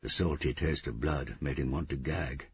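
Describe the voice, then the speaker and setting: A man narrating a novel in steady, measured scripted narration. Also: very deep voice, husky, no room sound, lo-fi sound. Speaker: audiobook narrator.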